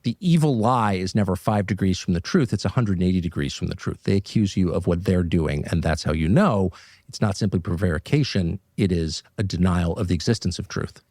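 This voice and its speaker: Male commentator, low voice, preachy and heated, dry sound. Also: brisk, a little mellow, no room sound. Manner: impassioned, moralizing. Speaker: podcast commentator. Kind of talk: political commentary.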